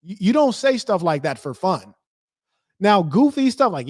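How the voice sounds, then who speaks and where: A man's voice: sits high, big pitch swings, a little slow, dry recording, clean studio sound. Brash trash-talking livestream host, man. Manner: confrontational, trash-talking, slangy. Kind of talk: heated livestream commentary.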